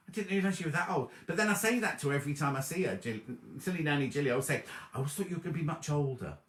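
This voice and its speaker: Reading out viewer comments and thanking people by name, a man in his 50s chats casually on his sewing livestream. He's in a home room against a dark wall, and his mid-range, fairly bright voice has a roomy sound.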